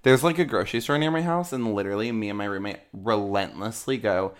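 A man co-hosting a podcast chats casually, joking, laughing often, and rambling with fillers. His voice is lowish and he talks fast.

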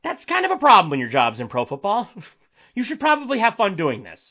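A man's voice: high-pitched, fairly quick, dull audio. Exasperated man ranting on a podcast. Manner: animated, exasperated ranting with rhetorical questions. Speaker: podcast host. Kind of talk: solo sports commentary podcast.

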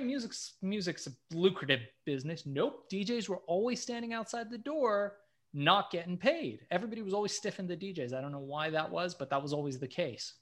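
Man, middle-aged, slightly high pitch, casual storytelling, animated, acts out quotes. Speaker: guest.

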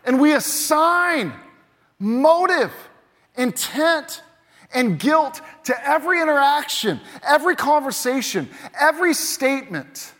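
A man preaching a sermon as pastor, emphatic, with lines that punch loud and then drop quiet. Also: very high voice, very animated, unhurried. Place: church. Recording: long reverb of a large church hall.

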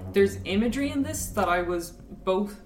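A woman's voice: medium pitch, animated, normal speed, soft background music. A woman chatting casually about a film, enthusiastic and rambling with lots of fillers. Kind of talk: casual chat, film review. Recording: echoey room, mic at a distance.

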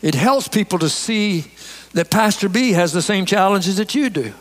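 A man's voice: high voice, animated, normal speed, long reverb tail. A man preaching a sermon as pastor to his church, reading scripture and urging honesty.

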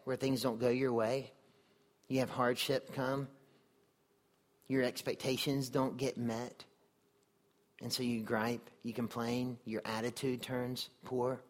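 A man preaching a sermon in an earnest, conversational way, often putting questions to his listeners. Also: mid-range voice. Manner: earnest, conversational, asks the audience many questions.

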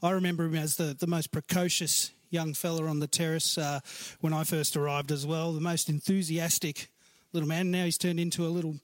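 A man's voice: on the high side, level tone, brisk, no echo. Wry, teasing Australian man, dry sound. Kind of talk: casual podcast chat.

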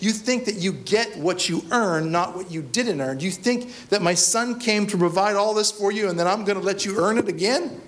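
God as a patient, loving father, gently and earnestly asking a believer what their faith is really about, as a male pastor puts the voice on mid-sermon. The voice is high for a man and stays close to the preacher's own. The questions come one after another. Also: natural voice.

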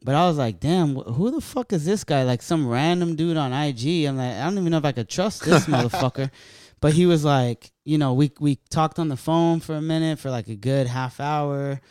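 A man's voice: fairly high pitch, normal speed, hardly any pauses, smooth, no echo, clean studio sound. A man from California, a stand-up comedian, telling loose, profane stories in casual chat. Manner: loose, profane, animated storytelling.

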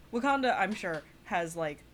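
A woman's voice: medium pitch, animated, a little slow, a crowd in the background. A woman co-hosting a podcast in casual chat, often chiming in with "yeah" and "mm-hmm". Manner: agreeable, frequent backchannel "mm-hmm" and "yeah". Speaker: podcast co-host.

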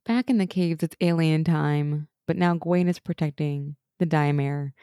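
A young woman co-hosting a casual TV recap chat, animated and laughing as she acts out lines from the show. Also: deep voice, normal speed, smooth, no echo, clean studio sound. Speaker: podcast co-host.

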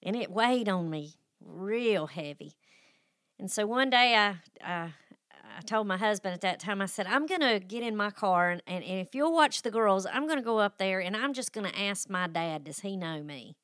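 A woman's voice: mid-range voice, expressive, normal speed, fairly bright tone, clear, resonant tone, no room sound, studio quality. A middle-aged woman who hosts a faith podcast and tells a personal story in a folksy, emotional way, with sighs and restarts. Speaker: podcast host.

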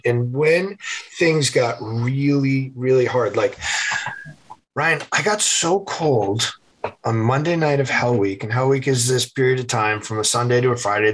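A man's voice: mid-range voice, poor audio. A man, a former Navy SEAL and keynote speaker, telling vivid stories with energy in a podcast interview and acting out the voices. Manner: energetic storytelling, acts out voices.

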